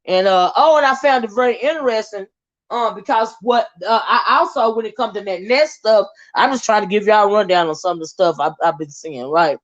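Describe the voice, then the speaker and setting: A woman's voice: medium pitch, a little fast, dull audio. A woman hosting a casual gossip livestream, chatty and drawling. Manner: chatty, drawling, calls viewers child and honey. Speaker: livestream host.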